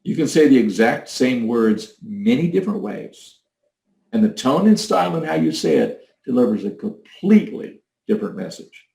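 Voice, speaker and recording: Gravelly male leadership trainer, echoey. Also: medium pitch, big pitch swings, moderate pace, darkish tone. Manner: coaching, emphatic, demonstrates tones of voice. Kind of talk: recorded leadership training talk. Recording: echoey room.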